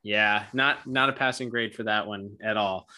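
A man's voice: on the low side, fairly even intonation, normal speed, bright, forceful tone. A man co-hosting a podcast who rambles chattily and laughs easily. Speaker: podcast co-host. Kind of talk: casual podcast review chat.

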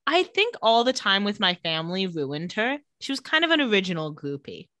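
A woman's voice: mid-range voice, big pitch swings, brisk, fairly bright tone, no room sound. Playful woman podcast co-host, dry sound. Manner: playful, slangy, retells scenes quoting characters. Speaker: podcast co-host recapping a TV episode. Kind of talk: casual chat.

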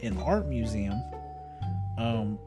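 A man's voice: fairly low pitch, lively intonation, slow pace. A man co-hosting a podcast, chatting casually with rambling, jokey, self-interrupting asides. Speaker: podcast co-host. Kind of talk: casual banter. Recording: music playing underneath.

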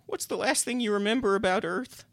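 Playing a teasing demon sidekick in an improvised hell-podcast sketch, this comedy co-host is a mischievous, deadpan button-pusher who stays dry but keeps giggling. He speaks briskly in a high, fairly bright voice with vocal fry, recorded without echo.

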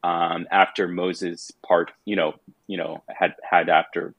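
Man with a very low husky voice. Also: level tone, fairly bright tone, dry recording, dull audio. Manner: halting, many fillers, reflective. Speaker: podcast co-host. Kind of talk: casual podcast chat.

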